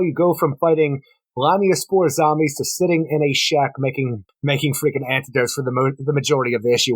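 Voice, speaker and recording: Fast-talking joking man. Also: on the high side, no room sound, rough recording. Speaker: comic book reviewer, co-host. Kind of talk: casual podcast chat.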